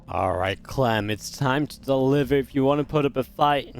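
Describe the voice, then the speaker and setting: A man casting a real-time strategy match alone, in energetic play-by-play commentary with chatty asides. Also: mid-range voice, a little fast, few pauses. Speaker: esports caster. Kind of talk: solo play-by-play game commentary.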